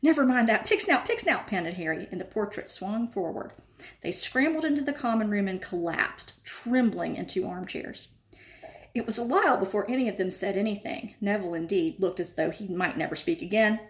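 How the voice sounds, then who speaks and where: A woman's voice: medium pitch, moderate pace. Woman reading a story aloud. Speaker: reader.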